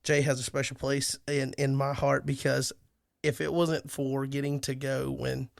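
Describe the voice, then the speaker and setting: Man, podcast co-host, gravelly voice, dry close sound, casual joking chat. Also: mid-range voice, level tone, unhurried, dry recording. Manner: joking, rambling with restarts and laughter. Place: lives in Alabama.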